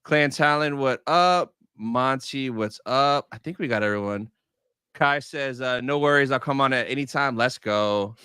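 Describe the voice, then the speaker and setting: A man's voice: medium pitch, unhurried, pushed and bright, clear, resonant tone, no room sound, studio quality. A man co-hosting a live stream, upbeat and casual as he greets viewers in the chat.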